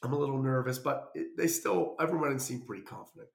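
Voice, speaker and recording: Speaking fast with vocal fry at a medium pitch, a man rambles through the story of a travel mishap, animatedly acting out other people's lines. The casual tale is captured in a room with noticeable echo.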